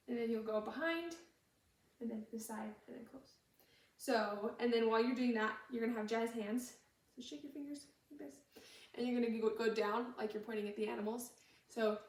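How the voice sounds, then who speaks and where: A woman's voice: fairly high pitch, steady tone, normal speed. Patient young female dance instructor, mic far away, very roomy hall sound. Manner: patient, explains moves while demonstrating, sometimes hums the tune. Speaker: dance teacher. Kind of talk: teaching choreography step by step. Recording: echoey room, voice from far off the mic.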